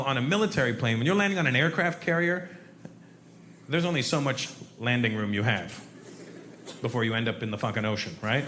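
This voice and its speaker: A man doing a stand-up comedy routine, telling an animated story and shouting out sound effects. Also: mid-range voice. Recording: echoey live room, faint noise.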